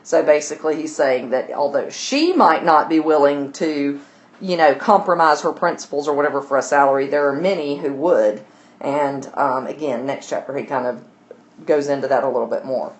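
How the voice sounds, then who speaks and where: Low-voiced woman teacher, casual and chatty. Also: moderate pace. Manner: casual, chatty paraphrasing with many fillers. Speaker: literature teacher. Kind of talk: recorded lesson summarizing a novel.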